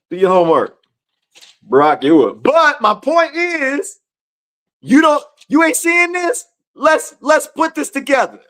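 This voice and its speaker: A man's voice: very high voice, lively intonation, moderate pace, a bit bright. A man leading a casual Bible study. He reads verses aloud and talks straight to his audience. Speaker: scripture study teacher.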